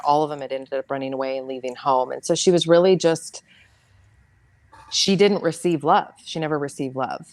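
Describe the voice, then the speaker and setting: A middle-aged American woman, a podcast guest, telling a painful family story in an earnest, halting way, repeating words as she goes. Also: deep voice, dry recording. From United States. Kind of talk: emotional personal storytelling.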